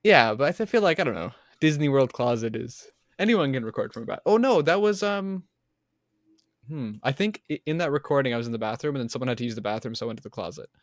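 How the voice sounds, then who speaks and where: A man with a mid-pitched voice, recorded dry and close with no room sound. He rambles playfully and riffs on jokes as a podcast co-host. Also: expressive, quick pace, no room sound. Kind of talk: casual chat.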